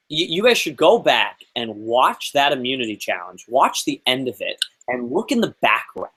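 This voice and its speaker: Young man, twenties, chat show guest, animated storytelling, acts out quotes, middle pitch. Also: rough recording. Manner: animated, fast storytelling with fillers and mimicked quotes. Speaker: interview guest. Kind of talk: casual storytelling.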